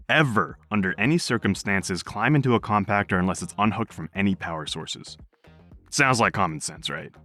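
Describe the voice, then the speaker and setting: A man hosting a podcast, reading stories aloud in an animated storytelling manner. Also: mid-range voice. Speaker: podcast host.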